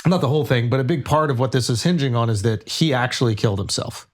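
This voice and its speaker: A man hosting a podcast, talking in a profane, animated, incredulous way. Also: medium pitch, fast talker. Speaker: podcast host. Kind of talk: casual chat.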